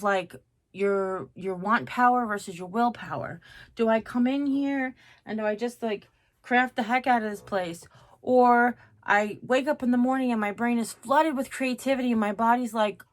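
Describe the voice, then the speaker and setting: A middle-aged woman talking casually to her viewers in a craft vlog, chatty, rambling and self-mocking. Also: a little high. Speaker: craft vlogger.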